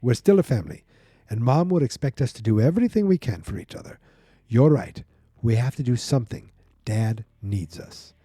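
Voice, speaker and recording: A protective teenage girl, played by a man, talks to her brother firmly and bossily. The tone is dark and mellow, recorded dry. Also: mid-range voice, expressive, moderate pace, slightly rough, dry recording.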